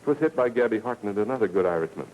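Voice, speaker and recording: A man's voice: on the low side, lively intonation, fast, phone-quality sound, slight background noise, natural voice. A man voicing a stout, good-natured old Irish policeman, with folksy brogue phrasing, while reading a story aloud. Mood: friendly coaxing. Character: jovial old stout Irish beat cop.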